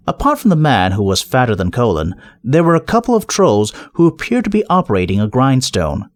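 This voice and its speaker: A man narrating a comic fantasy audiobook in a lively, expressive storytelling voice. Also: mid-range voice, dry recording, studio quality.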